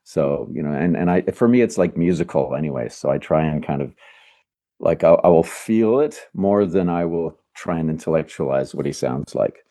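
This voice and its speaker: A man's voice: a bass voice, moderate pace, mellow. An older man, a voice actor guest, answering interview questions in an earnest, reflective way, often searching for words.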